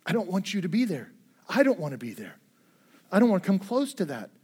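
High-voiced earnest male preacher. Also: sing-song, fairly quick, slightly rough. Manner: earnest preaching, swinging between hushed and emphatic. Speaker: pastor. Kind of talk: sermon.

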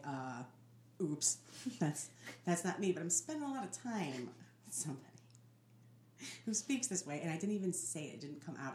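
A woman co-hosting a podcast, chatting casually and telling stories with laughs. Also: sits low. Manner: laughing, animated storytelling. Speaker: podcast co-host. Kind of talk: casual chat. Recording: echoey room with faint noise.

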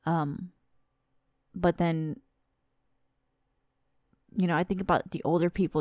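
A woman's voice: fairly low pitch, fairly even intonation, slow pace, pauses often, darkish tone, dry recording. Exasperated woman ranting, dry close sound. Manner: exasperated, profane, emphatic. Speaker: podcast host. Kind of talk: casual rant.

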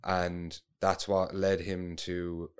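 A man's voice: deep voice, monotone, extremely slow, clear, resonant tone. An Irish man telling a long story in casual chat, rambling, swearing freely and restarting his sentences.

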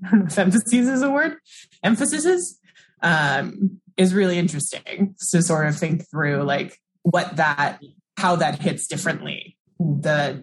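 A woman taking part in an online class discussion, musing aloud and correcting herself as she goes. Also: low voice.

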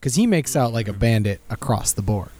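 A man co-hosting a movie podcast, chatting casually and animated, laughing often and jumping up in pitch for jokes. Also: a little fast. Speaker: podcast host. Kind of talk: casual chat.

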